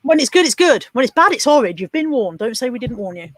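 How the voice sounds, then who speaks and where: A woman's voice: fairly high pitch, big pitch swings, fast, a little hiss or hum. A woman with a Bristolian accent chatting casually on a live stream, laughing often and reading out viewer comments. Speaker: co-host.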